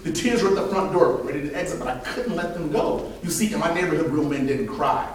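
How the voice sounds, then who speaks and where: A man in his thirties tells a personal story live at an open mic, animated, acting out voices and laughing between lines. His fairly high voice comes from a distant mic in a very echoey room. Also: fast, heavy background noise. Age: 30s.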